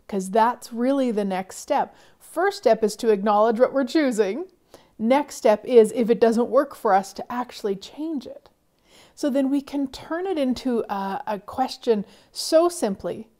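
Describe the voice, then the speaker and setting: Soft-spoken woman coaching with sighs. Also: fairly high pitch. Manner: gentle and encouraging, slips into soft whispers and frequent sighs. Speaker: podcast host. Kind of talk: coaching talk.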